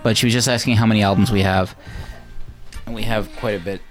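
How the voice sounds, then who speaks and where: A man's voice: lowish voice, fairly even intonation, fast, over music. A man hosting a casual podcast at home with friends, joking and leading the round of final thoughts. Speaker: podcast host. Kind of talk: casual chat, reading a review aloud.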